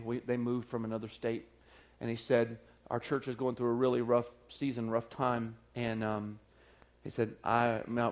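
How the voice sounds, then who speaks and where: A male pastor tells a story from the pulpit at a church service, his voice a middling pitch. He acts out the people in the story and laughs often as he goes. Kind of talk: sermon storytelling.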